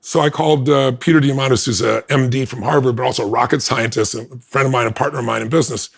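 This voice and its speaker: Telling a personal tale as an interview guest, the man is lively and quick-paced, voicing the dialogue with large swings up and down in pitch. His voice has a gravelly quality.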